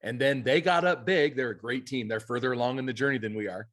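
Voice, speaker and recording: A man who coaches youth baseball and co-hosts the podcast, telling stories in an animated, emphatic way. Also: medium pitch, fast talker. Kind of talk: casual chat.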